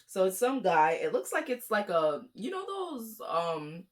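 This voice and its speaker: A woman's voice: mid-range voice, big pitch swings, a little slow. A young woman from Florida giving casual, chatty reaction commentary on short videos, with lots of fillers. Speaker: commentary YouTuber.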